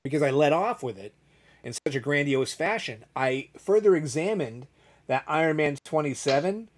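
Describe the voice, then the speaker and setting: Middle-aged guy rambling thru a story, bit high voice, acts out what everyone said. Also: animated, moderate pace. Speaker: podcast co-host. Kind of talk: casual chat.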